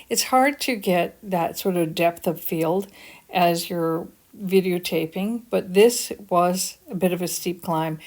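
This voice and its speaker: An older woman with a slightly low voice speaks in a reflective, encouraging tone. She narrates her own vlog, earnest and motivational. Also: a little mellow. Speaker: vlogger.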